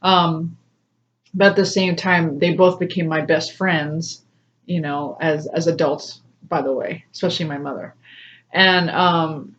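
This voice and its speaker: A woman tarot reader talking in a casual, rambling way, laughing often between phrases. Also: fairly low pitch. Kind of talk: casual spiritual reading to camera. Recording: slightly dull lo-fi sound.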